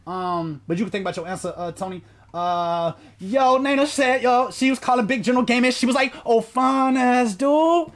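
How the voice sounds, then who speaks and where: A man with a high, quick voice hosts a livestream from his desk. He talks in loose, profane slang and rattles through viewer comments at a brisk clip. The delivery is high-pitched and fast. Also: level tone, fairly bright tone. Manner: profane, slangy, reads chat aloud. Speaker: livestream host. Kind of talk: casual livestream chat.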